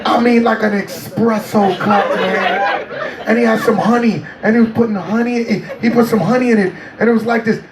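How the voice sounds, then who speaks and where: A man telling a story in an interview, animated and laughing often as he acts out what people said. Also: sits high, normal speed, roomy sound, distant mic, a crowd in the background, background noise. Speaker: interview guest.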